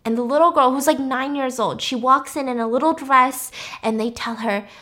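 A woman casually retelling a film's plot, animated and swearing freely as she acts out the characters' lines. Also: sits high, moderate pace. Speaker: podcast host recapping a film. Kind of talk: casual storytelling recap.

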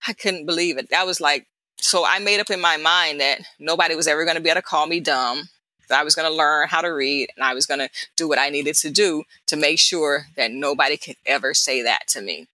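A middle-aged woman recounting her childhood as an interview guest, in a bright, forceful voice. She tells it casually and chattily, talks straight to her hosts, and acts out the voices of people in her story. The sound is dry and close. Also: low voice, no room sound, low-quality recording. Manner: animated, laughing storyteller who acts out voices.

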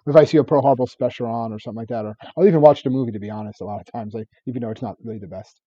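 Fast-talking rambling podcast man. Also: medium pitch, mellow, husky, dry recording, lo-fi sound. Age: 30s. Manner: rambling, laughs often, stacks fillers. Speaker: podcast co-host. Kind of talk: casual history chat.

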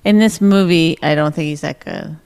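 A woman's voice: deep voice, normal speed, creaky, a little mellow, smooth. A woman co-hosting a podcast, chatting casually with teasing, dry humor. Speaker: podcast co-host. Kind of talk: casual chat.

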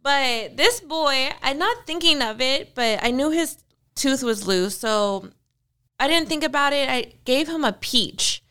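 High, bright-voiced woman telling a story. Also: measured pace. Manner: animated storyteller, acts out voices. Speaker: podcast co-host. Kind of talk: casual chat.

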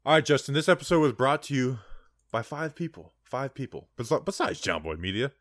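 A man's voice: medium pitch, big pitch swings, fairly quick, fairly bright tone, dry recording, clean studio sound. A man co-hosting a sports podcast in casual chat, rambling and digressive, with lots of "like". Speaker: podcast co-host.

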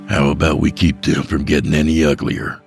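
A man voicing an armed homeowner who steadily warns an intruder off in the dark. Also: extremely low pitch, normal speed, faint music behind. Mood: warning. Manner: steady, threatening warnings.

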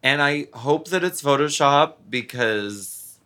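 A man's voice: a little high, lively intonation, takes it slowly, sharp tone, clean tone. A man co-hosting a chatty podcast in a campy way, drawing out words and using many fillers. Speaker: podcast co-host. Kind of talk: casual chat.

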